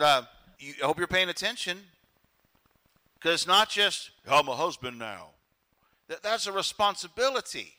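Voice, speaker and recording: A man preaching a sermon as pastor in church, animated and acting out quoted voices. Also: high voice.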